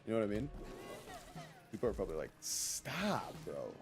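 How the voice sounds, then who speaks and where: A man's voice: on the low side, lively intonation, rapid-fire, over music. A man streaming a game, rambling and joking casually as he talks to his chat. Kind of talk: casual gameplay commentary.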